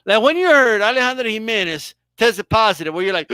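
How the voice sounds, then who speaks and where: A man's voice: high voice, animated, fairly quick, few pauses, sharp tone, clean tone, dry recording. A man hosting a live boxing talk stream, talking casually and emphatically, swearing freely. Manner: emphatic, swearing, exaggerated mock reactions. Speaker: boxing show host.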